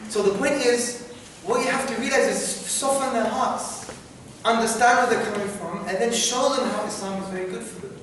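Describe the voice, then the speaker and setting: A man answering student questions in a university lecture hall, animated and often checking in with "yeah?". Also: very high voice, normal speed. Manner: animated, repeats "yeah?" to the audience. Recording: very echoey hall, noisy, from far off.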